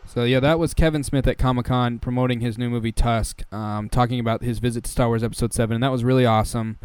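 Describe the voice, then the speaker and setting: A man's voice: medium pitch, fairly even intonation, fast talker, a little mellow, clean tone, no echo. A man hosting a casual podcast, talking hesitantly with lots of fillers and hedges. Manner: hesitant, full of fillers and hedging. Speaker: podcast host.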